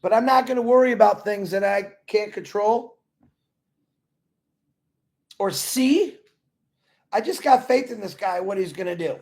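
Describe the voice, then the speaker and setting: Earnest, gravelly-voiced man. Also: high-pitched, a little slow, long pauses, a little mellow. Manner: earnest, rambling, repeats himself. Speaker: company supporter talking to members. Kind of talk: casual motivational talk.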